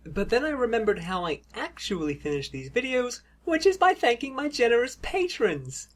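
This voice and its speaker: A woman's voice: a little high, sing-song, normal speed, few pauses. A woman hosting a casual media review, blunt, sardonic and full of swearing. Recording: roomy echo.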